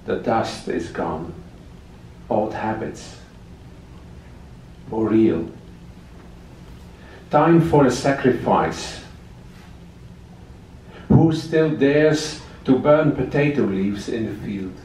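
A man reading his poetry aloud in a slow, measured recitation at a library event. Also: on the low side, animated, darkish tone, a little hiss or hum. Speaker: poet. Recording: echoey room, distant mic.

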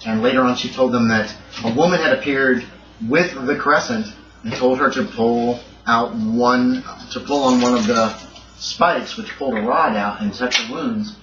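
A man's voice: medium pitch, moderate pace, a bit bright. A man running a tabletop horror game as game master, explaining the story in a rambling, self-correcting way. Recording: distant, roomy, dull and noisy. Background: dog barking nearby.

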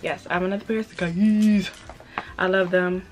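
A young woman with a New York accent and a slightly raspy voice, hosting a casual haul video and hyping her purchases to viewers in a playful way. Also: fairly low pitch, fairly even intonation, normal speed, faint music behind. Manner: playful, hyped, repeats phrases, talks straight to viewers. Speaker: fashion vlogger.

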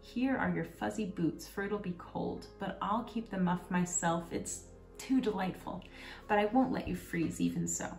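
A woman's voice: mid-range voice, moderate pace, vocal fry, a little mellow, lightly acted. A woman voicing a fierce, bossy young robber girl in a fairy tale. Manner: blunt, bossy. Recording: roomy, distant, faint music.

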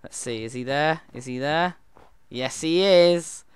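A man's voice: a little high, measured pace. A man with a northern English accent chatting playfully through a Minecraft let's-play, laughing easily and slipping into mock-dramatic narration. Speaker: gamer co-host.

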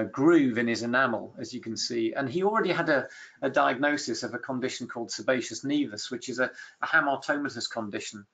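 A man gives a lecture, his voice gravelly with a mid-range pitch. He talks conversationally, full of fillers and restarts, and his audio sounds dull and lo-fi, as on a webinar. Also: pushed and bright. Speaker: professor giving a webinar lecture. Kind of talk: lecture with clinical case stories.

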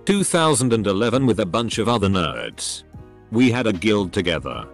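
A man's voice: lowish voice, sing-song, moderate pace, gravelly, faint music behind. A man reading online stories aloud as a channel narrator, spelling out abbreviations letter by letter.

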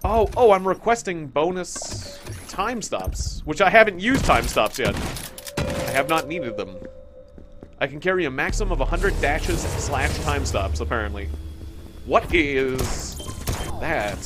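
Excitable young man playing a game. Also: on the high side, a little slow, over music. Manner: excitable, jokey, talks to himself while playing. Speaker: gaming YouTuber. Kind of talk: let's play commentary. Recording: game gunfire loud behind voice. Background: game gunfire and explosions.

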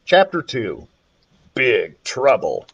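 A man reading a children's chapter book aloud, expressive and playful, switching voices for the characters. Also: slow pace, husky, highs cut off. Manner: expressive, voices the characters with big pitch swings. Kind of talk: storybook read-aloud.

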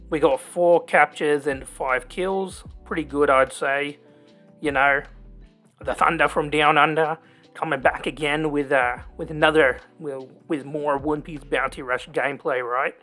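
A gaming channel host puts on an exaggerated Australian accent for rambling gameplay commentary, hamming up a jokey Aussie persona and tagging lines with "mate" and "right?". He talks to himself with many ums, in a bright, forceful voice on the high side.

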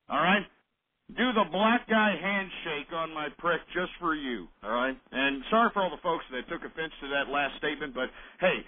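Angry, profane male talk radio host. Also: fairly high pitch. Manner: angry, blunt, profane ranting with repeated restarts. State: drinking beer. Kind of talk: late-night political talk radio rant. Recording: tinny, narrow-band broadcast recording.

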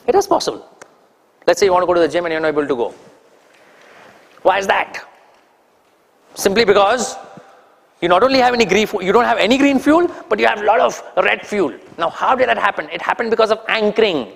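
A man with an Indian English accent giving an animated, teasing training talk to an audience, throwing questions at them. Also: sits high, vocal fry, big-room sound. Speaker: corporate trainer.

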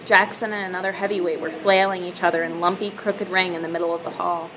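A woman reading a novel aloud as narrator with a steady, measured delivery. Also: on the low side, background noise. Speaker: audiobook narrator. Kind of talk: scripted narration.

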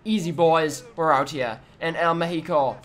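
Young male gaming YouTuber, high-pitched, hyped trash-talk with loud outbursts. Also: moderate pace. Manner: excitable, trash-talking the opponent, sudden loud outbursts. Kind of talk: let's-play commentary.

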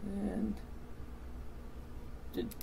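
A relaxed man hosting a casual gaming session and chuckling at his friend's mishaps. His voice is gravelly and fry-laced. A noisy home mic leaves a steady hiss under him. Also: sits high, very slow. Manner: laid-back, laughs at his friend. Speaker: gamer host.

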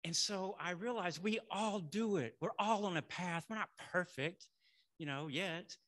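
A middle-aged male minister delivers a sermon in a conversational style, using "y'all" and building up to loud affirmations. His voice is high and his delivery a little slow.

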